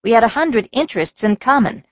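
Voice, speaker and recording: A woman's voice: on the high side, animated, brisk, no echo. A woman narrating an audiobook in the first person, with a wry, dry-humored delivery. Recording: slightly dull dry studio audio.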